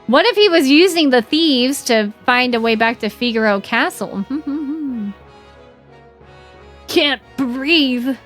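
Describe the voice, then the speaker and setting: A young woman chatting casually while streaming a game, animated and giggly, with lots of "like" fillers. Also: fairly high pitch, moderate pace, hardly any pauses, faint music behind.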